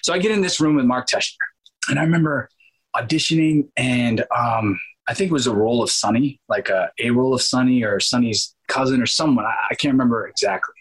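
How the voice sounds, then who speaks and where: A man in his thirties, an actor interviewed as a guest, telling stories in an animated way and acting out quotes. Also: medium pitch, a little fast, breathy edge, low-quality recording. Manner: animated, acts out quotes in changed voices, laughs often. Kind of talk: casual storytelling interview.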